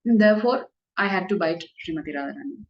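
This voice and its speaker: A woman's voice: mid-range voice, lively intonation, fast talker, highs cut off, close to an everyday voice. A woman voicing a male serpent servant in a storytelling talk, earnest and explanatory, with a roomy echo. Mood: explaining. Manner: earnest, reporting orders plainly. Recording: echoey room.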